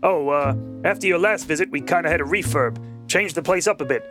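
A man voicing a grubby, scheming male alien bartender, gruff and wheedling, with guitar music behind him. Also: on the high side, brisk, lightly acted.

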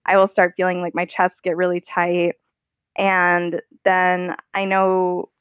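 A woman's voice: on the low side, monotone, takes it slowly, clear, resonant tone, dry recording. A woman guest in a podcast interview, talking candidly and chattily with frequent laughs. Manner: candid, chatty, laughs often, many "like" fillers. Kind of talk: conversational interview. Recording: tinny phone-like line.

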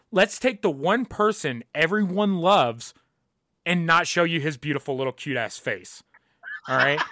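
A man's voice: a little high, pushed and bright, no room sound, clean studio sound. A young man hosting a podcast, ranting casually and emphatically, swearing often and repeating his points. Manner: profane, emphatic, repeats himself.

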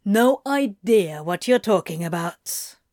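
A woman's voice: medium pitch, lively intonation, slow, a little mellow, no room sound, clean studio sound. A woman voicing a sneering male demon who drawls mockingly.

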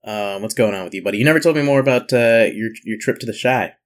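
A man's voice: lowish voice, fast. A man co-hosting a podcast, joking and laughing in casual chat. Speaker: podcast co-host.

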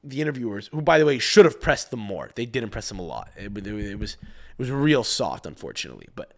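A man's voice: on the low side, sing-song, fairly quick, creaky. A man hosting a podcast, ranting casually in a profane, rambling way with frequent stammered restarts. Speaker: podcast host. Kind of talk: casual rant.

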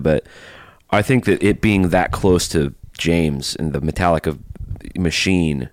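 Low-voiced joking male podcast host. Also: moderate pace, no room sound. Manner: chatty, joking, reads notes aloud. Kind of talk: casual chat.

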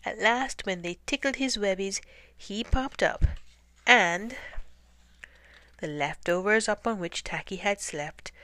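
A woman reading a children's story aloud in a soft, often half-whispered, unhurried way. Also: medium pitch, no echo. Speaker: storybook reader.

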